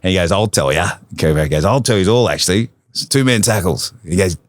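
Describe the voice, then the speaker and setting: A man's voice: low voice, fast, dry recording, clean studio sound. An Australian man telling casual stories from his sporting career, acting out quoted lines with bursts of laughter. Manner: animated anecdotes, acts out quotes with laughter. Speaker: podcast guest, former rugby league captain. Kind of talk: casual storytelling chat.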